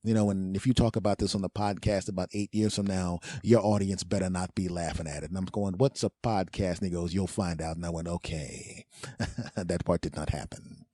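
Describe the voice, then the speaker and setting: Man, podcast host, comic storytelling, warm dark tone, dry close mic. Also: low voice, a little fast, no room sound. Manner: rambling, acts out quotes in exaggerated voices. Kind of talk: comedic storytelling monologue.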